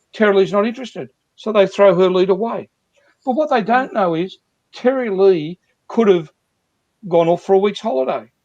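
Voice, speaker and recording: A man's voice: sits high, a little mellow, no echo, highs cut off. A man working as a sales coach, earnestly explaining techniques through repeated examples on a video call.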